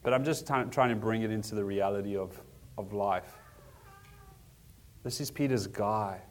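A man's voice: on the low side, moderate pace. A man preaching a sermon in an earnest, conversational way, asking the congregation questions as he goes. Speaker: pastor.

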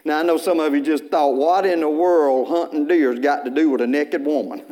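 A male pastor, preaching a sermon in church in a folksy storytelling way, with bursts of loud preaching. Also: on the high side, steady tone, moderate pace.

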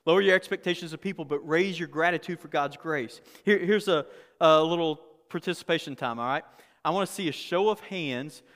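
High-voiced man preaching in an echoing hall. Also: brisk. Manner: animated, conversational preaching with repeated phrases. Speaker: pastor. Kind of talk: sermon. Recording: long reverb of a large hall.

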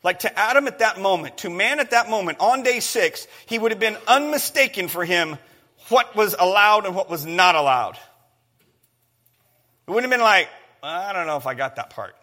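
A man's voice: sits high, sharp tone. A man preaching a sermon, emphatic, repeating phrases and calling on the congregation to answer.

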